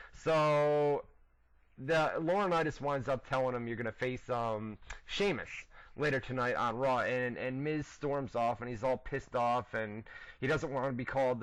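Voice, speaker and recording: A man's voice: mid-range voice, a bit bright, no room sound, low-quality recording. A man hosting a casual internet radio wrestling show on a headset, swearing, laughing and rambling through recaps with lots of fillers. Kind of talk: casual crude banter.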